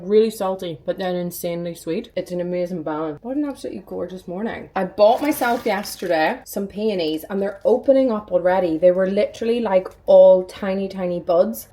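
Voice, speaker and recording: A woman's voice: on the low side, warm tone. A young woman vlogging casually at home and in her car, gushing and chatty, swearing now and then. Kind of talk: casual vlog chat. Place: hot flat and car.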